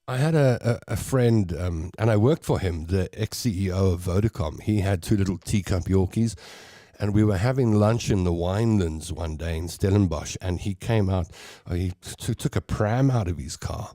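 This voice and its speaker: This South African man's voice sits low and sounds mellow, recorded dry and clean in his home studio. He hosts a casual livestream chat, chatting away, reading out viewer comments and rambling through stories while laughing at his own jokes.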